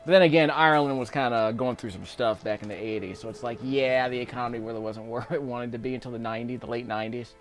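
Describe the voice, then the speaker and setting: A man's voice: medium pitch, steady tone, fast talker, hardly any pauses, faint music behind. A man giving casual, rambling commentary while playing a video game, chuckling often between remarks. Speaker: YouTube gameplay commentator. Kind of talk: casual let's-play commentary.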